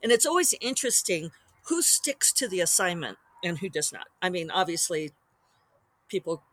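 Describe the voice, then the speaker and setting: A woman author talking through her work on her own podcast in a chatty, rambling way, with quick asides. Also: lowish voice, very animated, fairly bright tone. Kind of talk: casual solo podcast monologue.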